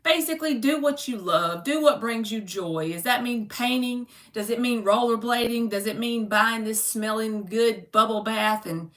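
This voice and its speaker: A woman's voice: a little high, normal speed, few pauses, fairly bright tone, reverberant. A woman giving a chatty live-stream tarot reading, calling viewers "baby" and reading card meanings aloud from a book. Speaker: tarot reader.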